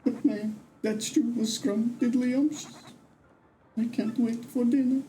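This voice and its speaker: A streamer voicing a guilty, gushing male stew thief in a high, sing-song, apologetic way while reading out game dialogue on a livestream. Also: steady tone, takes it slowly, mellow, slight background noise, lightly acted. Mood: sheepish.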